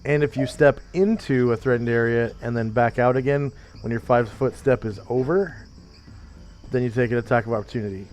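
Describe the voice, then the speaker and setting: A man's voice: medium pitch, steady tone, fairly quick, a little mellow. A man running a tabletop game, telling a long story in a loose, filler-heavy way and explaining rules. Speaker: game master. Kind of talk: casual tabletop game chat.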